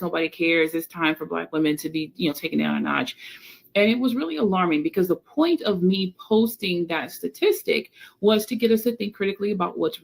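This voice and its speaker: Female video commentator, very low and gravelly, earnest and measured. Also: low-quality recording. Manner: earnest, measured, many fillers. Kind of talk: social media commentary.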